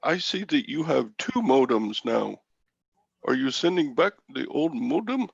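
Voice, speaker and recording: A man's voice: mid-range voice, animated, measured pace, vocal fry, slightly rough, dry recording, highs cut off, exaggerated voice. A man doing a put-on accent as a male phone support agent who keeps repeating the same polite lines. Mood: insistent. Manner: put-on foreign accent, mimicking.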